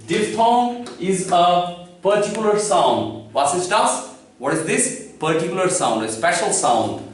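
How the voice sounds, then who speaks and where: A man teaching a language lesson, speaking slowly and deliberately, spelling out letters and repeating words for his students. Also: a little high. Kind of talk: classroom-style lesson. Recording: echoey room, from far off the mic.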